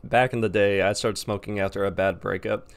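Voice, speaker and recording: A young man vlogs in a casual, rambling rant. His voice sits low with a gravelly rasp, and he swears bluntly as he goes. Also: fairly even intonation, brisk. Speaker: vlogger.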